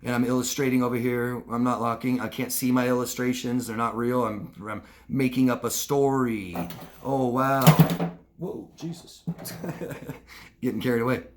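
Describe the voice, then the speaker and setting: A man gives a coaching lesson straight to camera. He talks casually, in an everyday voice, and keeps breaking into quick acted-out examples to make his points. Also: medium pitch, little pitch movement, a little hiss or hum. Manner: conversational, acts out short demonstrations of lying and truth-telling. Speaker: relationship coach. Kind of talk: instructional talk to camera.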